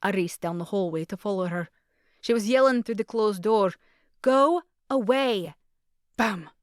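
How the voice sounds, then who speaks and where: A woman narrating a romance audiobook in a measured, expressive reading voice. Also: mid-range voice, smooth, dry recording, clean studio sound.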